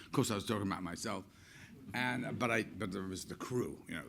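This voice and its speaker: A man's voice: on the low side, quick pace, creaky, pushed and bright. An older man, an actor, telling chatty anecdotes on stage with frequent laughs. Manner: chatty, laughs often, acts out quotes.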